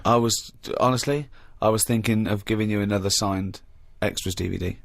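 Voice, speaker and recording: A man's voice: fairly low pitch, steady tone, fairly quick, creaky. A man hosting a comedy podcast, teasing and exasperated, breaking into laughter easily. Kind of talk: comic studio banter.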